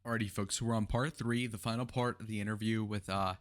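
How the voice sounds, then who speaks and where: A man's voice: lowish voice, steady tone, fast talker. Heated, sarcastic young man reacting. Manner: heated, profane, sarcastic outbursts. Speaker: political reaction commentator. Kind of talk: reaction commentary.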